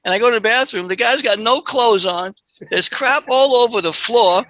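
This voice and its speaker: A man's voice: very high-pitched, normal speed, dry recording. A man, a podcast co-host, telling a story casually and acting out the voices of the people in it. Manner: animated, acts out voices in stories.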